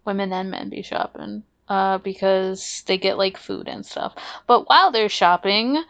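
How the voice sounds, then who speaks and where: Slow-talking, laid-back woman podcaster. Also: mid-range voice, a bit bright. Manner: laid-back, lots of fillers, laughs, swears. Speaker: podcast co-host. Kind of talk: casual chat recapping an anime episode.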